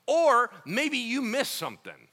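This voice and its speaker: A man preaching a sermon in a casual, slangy, conversational way, swinging between quiet stretches and loud, emphatic ones. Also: extremely high pitch, sing-song, unhurried. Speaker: pastor.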